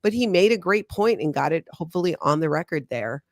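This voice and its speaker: A woman co-hosting a casual chat, reading reviews aloud in an animated, self-mocking way with frequent laughs. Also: on the low side, brisk, no echo, clean studio sound. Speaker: co-host, former member discussing the church.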